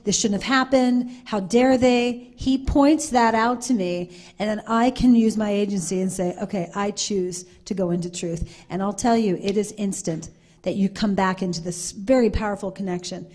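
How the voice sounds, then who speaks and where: A woman's voice: medium pitch, fairly even intonation, moderate pace, a little mellow. A woman speaking on a conference panel, earnest and repetitive, acting out little quoted exchanges as she explains.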